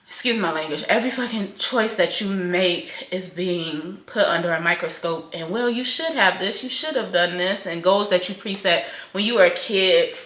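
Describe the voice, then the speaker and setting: A young woman venting candidly to camera in a home vlog, swearing freely and swinging between loud outbursts and soft, quiet admissions. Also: lowish voice. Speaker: vlogger. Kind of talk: raw confessional venting to camera. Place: home kitchen, in doors. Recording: echoey room.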